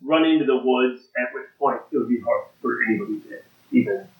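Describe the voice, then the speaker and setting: A man narrating a tabletop game as game master, describing scenes haltingly with many restarts. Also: mid-range voice, soft background music. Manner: hesitant, lots of "like" and restarts while describing. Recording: roomy, dull lo-fi recording.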